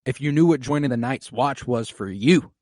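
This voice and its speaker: Male podcast co-host, mid-pitched, dry close sound, casual and slangy. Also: expressive, normal speed, darkish tone, dry recording. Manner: laid-back, slangy retelling with quoted lines. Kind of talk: casual chat, recapping a TV episode.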